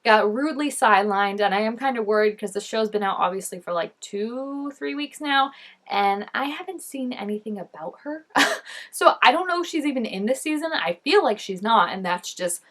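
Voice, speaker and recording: A young adult woman, a TV reaction vlogger, chats casually about an episode in a voice on the high side with lively intonation and a fairly bright tone at a moderate pace. She fills her talk with fillers, laughs a lot, and throws mock-dramatic exclamations at the screen.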